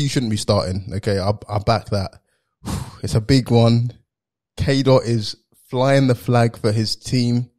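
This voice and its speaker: Give me a man of middle pitch hosting a laid-back sports podcast, laughing and teasing his panel. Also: mellow. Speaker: podcast host. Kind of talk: casual panel chat.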